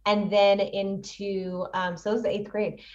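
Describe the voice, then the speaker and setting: A woman's voice: medium pitch, flat delivery, measured pace, distant mic, dull audio. A woman in her thirties, an actress and producer, chatting animatedly as an interview guest and laughing often. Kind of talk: casual interview chat.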